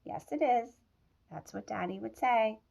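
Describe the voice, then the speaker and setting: A woman voicing an eager, brave little girl in a read-aloud storybook, her voice raised high and bright. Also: expressive, measured pace, gravelly, exaggerated voice. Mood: insistent.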